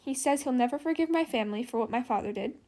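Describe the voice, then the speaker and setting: A woman's voice: high voice, fast, dark tone, lightly acted. Harried, fretful young institute head, read by a woman. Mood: exasperated. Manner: exasperated, worried.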